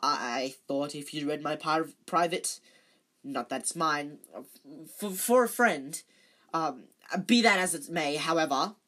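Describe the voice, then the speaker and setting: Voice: mid-range voice, close to an everyday voice. A reader putting on a flustered, spluttering old caretaker. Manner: loud, stammering and halting. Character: spluttering furious old school caretaker, male.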